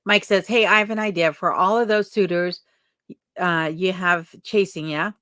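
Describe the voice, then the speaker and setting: A woman's voice: on the low side, fairly even intonation, normal speed, sharp tone, no room sound, studio quality. A woman hosting a livestream chat who reads viewer comments aloud and greets people by name in a friendly, chatty way. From lives in Alaska. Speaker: livestream host.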